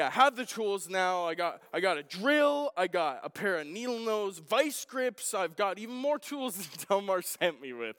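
A man preaching a sermon as a story, animated and self-deprecating, swinging from quiet asides to loud outbursts. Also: high voice, clear, resonant tone. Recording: long hall reverb.

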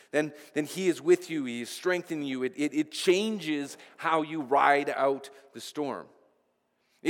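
Earnest preaching man in reverberant hall. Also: mid-range voice. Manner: stammering repeats of first words, earnest. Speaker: pastor. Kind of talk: sermon.

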